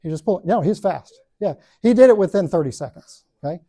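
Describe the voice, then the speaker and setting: A man leads a Bible study and tells stories in an animated, joking way, slipping into other people's voices as he goes. His tone is dark and mellow. He talks to a live group in the room. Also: high voice, fast talker, husky. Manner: animated, acts out voices and laughs at own stories. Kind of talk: storytelling talk to a class.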